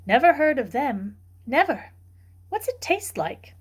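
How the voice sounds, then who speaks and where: A woman reading aloud, voicing a kindly, motherly ghost woman with a warm country voice, brisk and fussing. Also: sits high, very animated, pitched above the performer's own voice.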